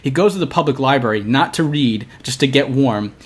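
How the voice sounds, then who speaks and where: A young man co-hosting a podcast, telling a long story in casual chat, animated, restarting often and acting out the lines he quotes. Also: mid-range voice, brisk. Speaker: podcast co-host.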